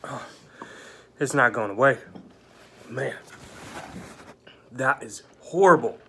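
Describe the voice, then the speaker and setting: A man's voice: mid-range voice, lively intonation, slow pace, fairly bright tone, a little hiss or hum. A man vlogging in a break room at work, mouth burning from a hot pepper, coughing and letting out pained exclamations. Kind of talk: casual vlog.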